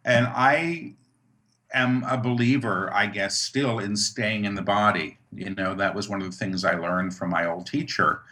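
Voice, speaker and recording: Bright-toned reflective man. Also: on the low side. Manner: earnest, reflective, many restarts and "you know"s. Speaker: guest, author and medium. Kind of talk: conversational interview.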